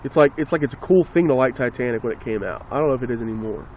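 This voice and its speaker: A man's voice: mid-range voice, rapid-fire, darkish tone, a little hiss or hum. A man ranting casually and sarcastically into a phone, rambling and swearing as he talks. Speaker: vlogger.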